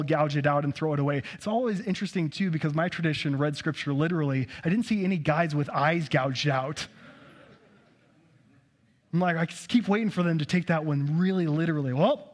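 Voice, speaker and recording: A man preaching a sermon as pastor in a church, conversational and joking with asides. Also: on the high side.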